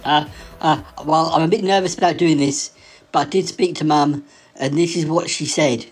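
A man in a homemade comedy sketch, his voice pitched a little high. He hesitates constantly, full of uhs and ums, sounding nervous. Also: fairly even intonation, normal speed, soft background music. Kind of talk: comic sketch dialogue.

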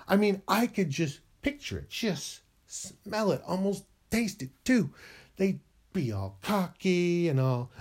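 A man's voice: a little high, animated, measured pace. Playful rambling man rhyming self-help. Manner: playful, rambling, sing-song rhymes. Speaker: podcast host.

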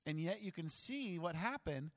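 Animated male pastor in a reverberant hall. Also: a little high, normal speed. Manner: animated, acts out voices and jokes about himself. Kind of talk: sermon.

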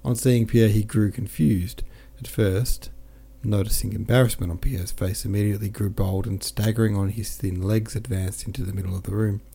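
A man narrating a classic novel at a steady, measured pace as a podcast host. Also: lowish voice, vocal fry, slightly rough. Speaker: audiobook reader and podcast host. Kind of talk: audiobook narration.

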